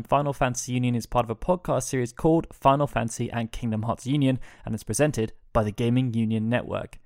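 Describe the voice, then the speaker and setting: A man's voice: medium pitch, darkish tone, no echo. Chatty guy hosting a gaming podcast, jokey, dead dry mic. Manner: upbeat, jokey, reads announcements briskly. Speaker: podcast co-host. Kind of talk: casual podcast chat.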